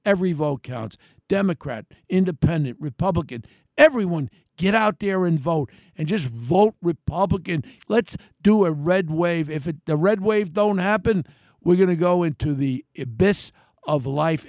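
Older New man, gravelly and fairly high-voiced, blunt heated podcast host, dry close mic. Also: no echo. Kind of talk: solo political rant.

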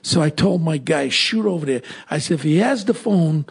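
High gravelly older man telling stories. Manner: excitable, rapid storyteller with frequent repeats. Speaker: podcast co-host. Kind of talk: casual storytelling chat.

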